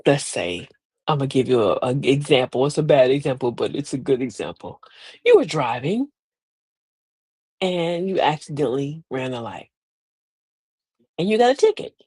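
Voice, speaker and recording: A woman's voice: extremely low pitch, very animated, moderate pace, long pauses, warm tone, slightly rough, no room sound. A middle-aged woman hosting a live motivational talk, folksy and preachy, with emphatic delivery. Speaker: host.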